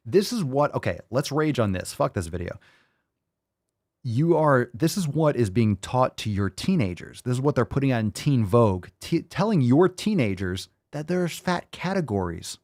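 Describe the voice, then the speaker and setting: A man's voice: mid-range voice, big pitch swings, normal speed, a little mellow, dry recording, clean studio sound. A man hosting a show, giving blunt, profane, sarcastic ranting commentary as he reacts to a video. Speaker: podcast host reacting to a video.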